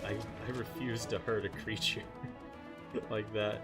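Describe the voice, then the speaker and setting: A man's voice: lowish voice, little pitch movement, slow pace. A man chatting casually while he streams a game. He rambles, swears freely and laughs often. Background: loud game music.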